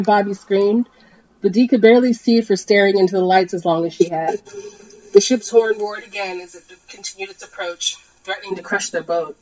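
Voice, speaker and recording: A woman reading a tense story aloud, her voice rising to shouts in the dramatic scenes. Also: fairly low pitch, no echo, highs cut off. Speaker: podcast host and story reader.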